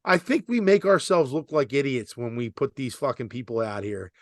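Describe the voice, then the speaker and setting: A man's voice: mid-range voice, very animated, moderate pace, dry recording, clean studio sound. A man with a Philadelphia accent co-hosting a podcast, ranting bluntly and swearing in casual chat. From Philadelphia area. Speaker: podcast co-host.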